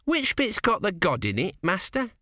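A man doing a chirpy, high young apprentice lad. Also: wildly swooping pitch, moderate pace, pushed and bright, dry recording, studio quality, full character voice. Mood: eager. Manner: chirpy, keen, asks lots of questions. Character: plump eager young male apprentice, jokey. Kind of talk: audiobook character voice.

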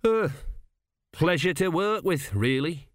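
A tired, patient veteran embalmer, voiced by a male narrator, answers in slow, unhurried words. He sounds worn but calm, close to the narrator's own voice. The booth is dry. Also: on the high side, dry recording, voice pushed up. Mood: weary. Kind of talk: audiobook character voice.

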